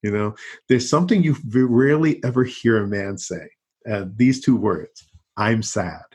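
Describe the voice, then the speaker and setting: A man's voice: mid-range voice, lively intonation, normal speed, darkish tone, husky. A middle-aged man, a college teacher, talking as a guest in an easygoing, rambling interview. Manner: rambling, peppered with "you know, and so on". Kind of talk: conversational interview.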